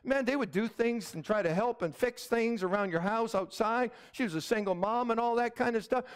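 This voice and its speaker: A man's voice: extremely high pitch, normal speed, few pauses, clean tone. A middle-aged man, a pastor preaching an emphatic sermon and calling out "Amen?" to the congregation.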